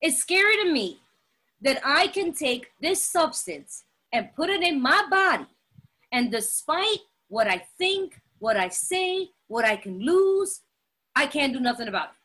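A woman giving an animated, dramatic personal testimony at a recovery meeting, laughing often as she talks. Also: high voice, unhurried. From Latin American heritage. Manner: animated, emphatic, dramatic storytelling; laughs often while talking.

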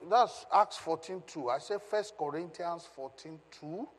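A man's voice: on the high side, measured pace, a little hiss or hum. A male pastor giving an emphatic Bible teaching, questioning his congregation as he reads scripture. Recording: long reverb of a hall.

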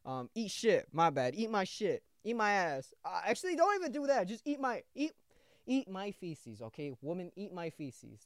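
Young male podcast host, rambling profane rant, smooth clear voice, dry sound. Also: high voice, wildly swooping pitch, normal speed, dry recording.

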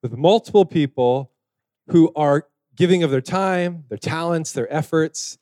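A man's voice: on the high side, a little slow, warm tone, no echo, studio quality. A man hosting a church worship service, thanking the worship band in an upbeat, grateful way. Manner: upbeat, thankful emcee patter. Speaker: service host.

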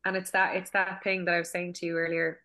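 A Cork Irish woman in her thirties talks through her filmmaking career from home, in a relaxed interview. Her voice sits fairly low but comes across bright and forceful. She rambles easily, restarting phrases and filling gaps with fillers. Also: fast. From Cork, Ireland. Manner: chatty, many restarts and fillers, laughs often. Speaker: filmmaker and acting school director. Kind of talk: casual interview chat.

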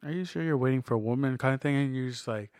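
A man's voice: mid-range voice, fast talker, a little mellow, clean tone, no echo, studio quality. A man in his thirties co-hosting a casual faith talk, speaking earnestly and reflectively, often acting out what others said to him. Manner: reflective, earnest, retells conversations in quoted voices. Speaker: podcast co-host.

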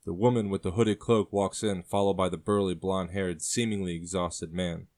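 Low-voiced man narrating a story. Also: steady tone, normal speed, a little mellow.

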